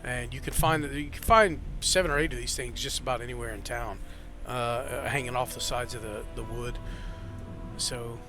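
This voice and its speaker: A man's voice: mid-range voice, normal speed, over music. A man narrating as dungeon master in a rambling way, with many fillers and self-corrections, with the hiccups. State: has the hiccups. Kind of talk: narrating a tabletop game.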